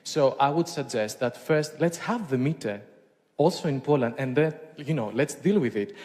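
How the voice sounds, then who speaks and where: A man offers hesitant remarks in a public debate and pauses to search for words. His voice sits at a middling pitch. The room around him has a long hall reverb. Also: expressive, a little mellow. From Greece. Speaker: debate participant. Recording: echoey hall.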